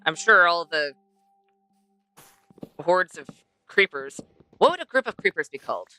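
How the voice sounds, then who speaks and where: A woman's voice: on the low side, very animated, measured pace, bright, forceful tone. A young woman streaming a game, chatting to herself and to the animals she passes as she plays. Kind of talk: casual gameplay commentary.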